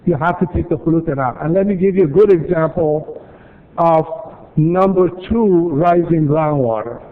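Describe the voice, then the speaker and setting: City staff guy walking the council through rules, repeats himself, dry jokes, kinda high voice, tinny sound. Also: normal speed. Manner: explanatory, repeats points, dry asides. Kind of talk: council meeting presentation. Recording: tinny, phone-like archive audio.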